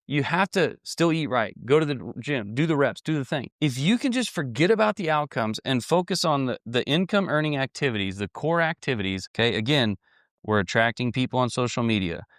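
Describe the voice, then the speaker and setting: A man's voice: medium pitch, expressive, fairly quick, a bit bright, no room sound, clean studio sound. A man giving a blunt, folksy motivational talk on building an online business, with lots of restarts and repetition.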